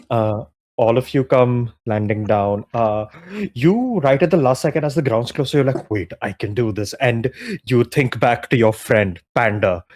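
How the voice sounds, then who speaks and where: A man's voice: medium pitch, big pitch swings, slow pace, darkish tone. A young man narrating as game master in a tabletop game, casual and full of fillers, often laughing.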